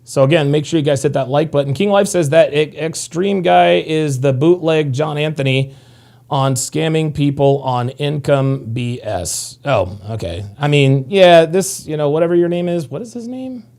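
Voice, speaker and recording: A man's voice: fairly high pitch, normal speed, gravelly, a little mellow. A man in his thirties hosting a casual livestream, rambling and profane as he reads chat comments. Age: 30s. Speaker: livestream host.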